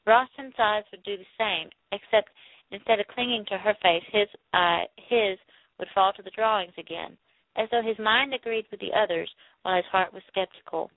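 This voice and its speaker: A woman's voice: mid-range voice, moderate pace, no echo. Woman reading a novel over a tinny line. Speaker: audiobook narrator. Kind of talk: novel reading with light character voices. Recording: dry, tinny phone-like sound.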